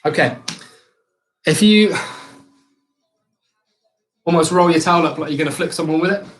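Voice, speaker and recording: Heard in an echoey room with faint music behind him, a young man guides a live online circuit class. His voice is a little high and he talks at normal speed, keeping the cues upbeat and instructive with some light banter.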